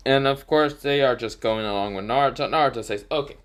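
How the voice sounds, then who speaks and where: A man's voice: medium pitch, brisk, few pauses. Rambling man telling a fan story. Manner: rambling, many fillers and self-corrections. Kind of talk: improvised fan story narration.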